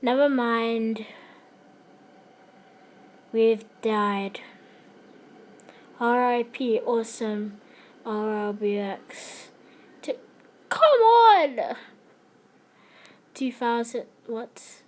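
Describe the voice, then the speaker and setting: A woman's voice: on the high side, drawn-out words, pauses often. A young woman chatting casually and giggling while she plays and streams an online game. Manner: chatty, giggly, easily excited. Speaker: gamer streamer.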